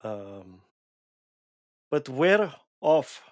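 A man co-hosting a podcast in casual chat, mostly giving brief, soft replies. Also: fairly high pitch, sing-song, drawn-out words, no room sound, studio quality. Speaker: podcast co-host.

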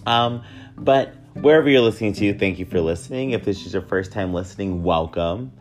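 A man's voice: lowish voice, brisk, soft background music. A man in his thirties with a nasal voice, hosting a casual solo podcast in a joking, rambling way that often mocks himself. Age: 30s. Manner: joking, rambling, self-mocking. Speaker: podcast host.

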